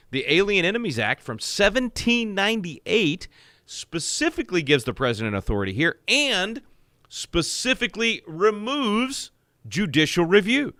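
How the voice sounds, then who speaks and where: Forceful male talk radio host, dry studio sound. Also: high voice, sing-song, moderate pace, no echo. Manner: emphatic, rising sharply on key points, with many fillers and restarts.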